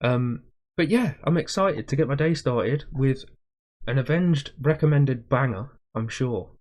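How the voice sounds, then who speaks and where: A man hosting a music reaction video, chatting casually with viewers in a rambling way, with a slightly rough morning voice. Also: mid-range voice, measured pace, a little mellow, highs cut off. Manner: rambling, chatty, self-aware waffling.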